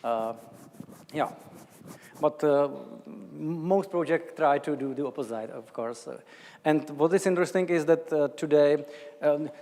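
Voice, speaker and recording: A man answering audience questions after a lecture, halting and thinking aloud with many restarts. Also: on the high side, warm tone. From Czech Republic. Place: large lecture hall. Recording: lecture hall with long reverb.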